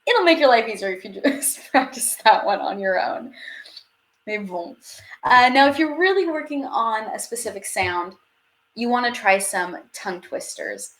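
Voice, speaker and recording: A woman's voice: a little high, lively intonation, moderate pace, fairly bright tone. A young woman teaching a live online language class, chatty, laughing often and dropping French phrases into her English. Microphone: webcam or headset on video stream.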